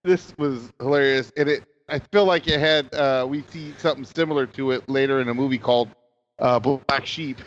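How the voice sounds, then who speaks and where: A man's voice: mid-range voice, fairly even intonation, normal speed. A man from Northern California, a guest on a casual podcast, who hesitates and searches for words with many fillers. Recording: dull echoey remote line.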